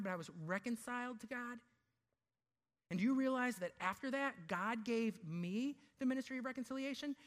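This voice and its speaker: Preaching with emphasis, a pastor throws out rhetorical questions and draws out the words that matter most. His voice is high-pitched.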